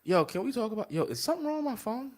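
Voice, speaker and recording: The voice is a young man's, very high and racing along as he co-hosts a podcast. He narrates a story in crude, relaxed talk, animatedly playing the characters he quotes.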